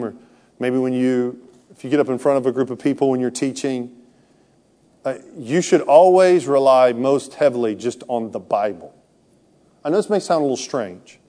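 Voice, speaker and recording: A man's voice: mid-range voice, darkish tone. A pastor giving an earnest evening teaching, often restarting and repeating words as he talks.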